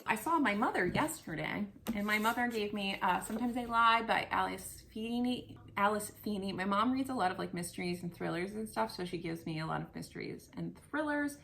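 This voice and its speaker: A woman's voice: fairly low pitch, vocal fry, a bit bright, a little hiss or hum. A woman chatting casually and rambling a little as she shows off books on her vlog, self-deprecating and talkative. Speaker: book vlogger. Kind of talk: casual book haul chat. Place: home, at a table of books.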